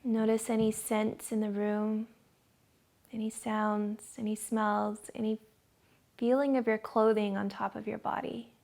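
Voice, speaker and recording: Gravelly-voiced woman guiding a yoga class. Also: fairly high pitch, level tone, darkish tone. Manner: slow, soothing guiding voice. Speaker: yoga instructor. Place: living room at home.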